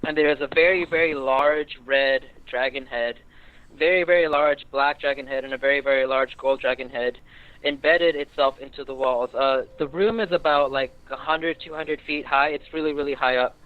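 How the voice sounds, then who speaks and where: A man's voice: mid-range voice, steady tone, moderate pace, clear, resonant tone, no echo. A young man narrating a tabletop game as game master, hesitant with many fillers. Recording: tinny phone-like line.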